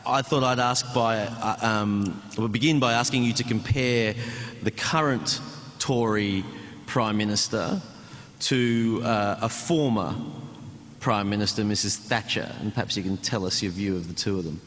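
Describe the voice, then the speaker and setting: A man's voice: fairly low pitch, a little slow, fairly bright tone. A man interviewing on stage, asking questions hesitantly with many fillers. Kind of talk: onstage interview. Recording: echoey hall, faint room noise.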